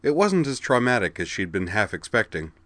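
Deep-voiced man reading a story. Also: sing-song, fairly quick, fairly bright tone, no room sound. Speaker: narrator. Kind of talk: storybook narration.

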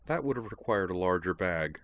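Man reading a dry practical young woman, barely changes his low voice. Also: lively intonation, a little fast, a bit bright. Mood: wry.

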